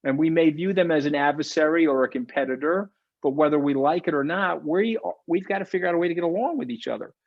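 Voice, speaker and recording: A man's voice: on the high side, fast talker, dry recording. Fired-up man on a dull, dry call line. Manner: fired up, preachy. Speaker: webinar guest speaker. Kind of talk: impassioned webinar talk.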